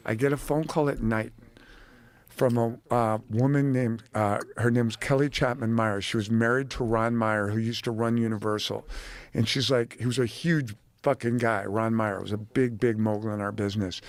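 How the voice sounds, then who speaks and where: A man, a former actor turned director, telling a lively anecdote in casual podcast chat, swearing freely. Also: medium pitch, moderate pace. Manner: animated, profane, acts out quoted voices.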